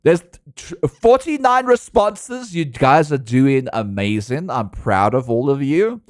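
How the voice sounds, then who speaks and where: Giggly South African man, lively voice. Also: mid-range voice, a little slow. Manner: chatty and giggly, laughs often, playful. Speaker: streamer. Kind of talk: casual chat with a live stream audience.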